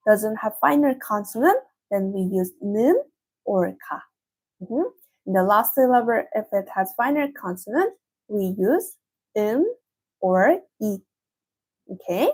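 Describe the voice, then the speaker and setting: A woman teaching a language lesson, patiently explaining and repeating examples slowly. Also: on the high side, darkish tone.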